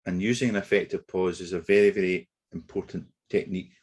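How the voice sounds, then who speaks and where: A man giving a webinar lecture on negotiation, explaining in a measured way with occasional fillers. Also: low voice, fairly even intonation, darkish tone, breathy edge. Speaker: negotiation trainer. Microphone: webinar computer mic.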